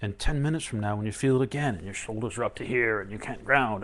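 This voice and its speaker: A man giving a live-streamed spiritual talk, animated and playful, often acting out excited inner voices. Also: medium pitch, fast talker, few pauses. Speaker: spiritual teacher.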